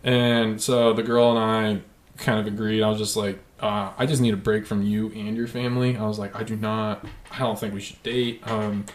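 A young man telling a long, profane story in a casual podcast chat, animated and swearing freely. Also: fairly low pitch, moderate pace, reverberant.

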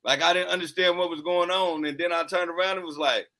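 A man with a fairly high, bright voice talks loosely on a podcast. He sounds laid-back and candid, and he swears without a second thought. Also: fairly even intonation, fast talker, low-quality recording. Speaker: podcast co-host. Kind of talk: casual chat.

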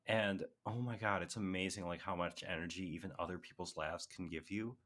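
A young man co-hosting a casual podcast, his voice sitting a bit low. He tells school stories in a loose, chatty way, full of fillers and laughter. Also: fairly even intonation, fairly quick, a bit bright. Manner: laughs often, storytelling with many "like" fillers. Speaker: podcast co-host and music teacher. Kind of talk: casual chat.

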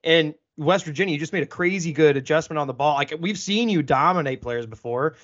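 A man's voice: on the high side, fairly quick, a bit bright. A man hosting a casual interview, an ex-football player who asks long, eager, rambling questions. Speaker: podcast host, former football player. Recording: dull lo-fi sound.

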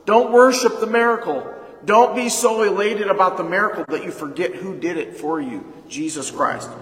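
A man's voice: sits high, moderate pace, fairly bright tone. A male pastor preaching a sermon, stressing points by repeating them and putting questions to the congregation. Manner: emphatic preaching with repeated lines and rhetorical questions. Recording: echoey hall with long reverb.

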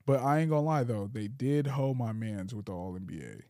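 A young man co-hosting a podcast, chatting loosely and profanely and telling animated stories. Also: mid-range voice, fairly quick, no echo, clean studio sound. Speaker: podcast co-host. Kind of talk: casual chat.

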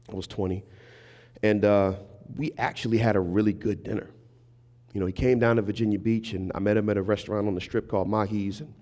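A man's voice: on the low side, mellow. A man preaching as a guest minister, telling stories conversationally and talking directly to his congregation. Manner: conversational storytelling, acting out quoted voices; engages the congregation with asides. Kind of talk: sermon. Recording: reverberant hall.

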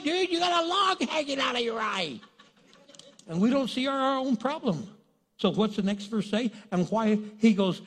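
A man preaching a sermon, animated and joking, acting out the voices of the people he quotes. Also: high voice. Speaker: pastor. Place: church hall. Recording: long reverb of a church hall.

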